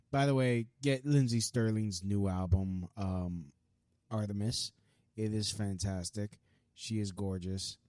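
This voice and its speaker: A man's voice: lowish voice, takes it slowly, long pauses, darkish tone, dry recording. A man ranting casually to camera, rambling and profane, with many fillers and restarts. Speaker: vlogger. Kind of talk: casual rant.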